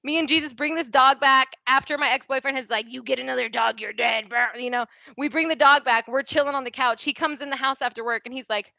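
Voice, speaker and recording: A woman's voice: high voice, steady tone, fast, gravelly, hardly any pauses, bright, forceful tone, no echo. A young adult woman telling a personal story as a guest on a casual podcast. She talks candidly, fills her sentences with "like", swears freely and acts out what people said. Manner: chatty and candid, peppers speech with "like" and swearing, acts out quoted dialogue. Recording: dry, slightly dull podcast audio.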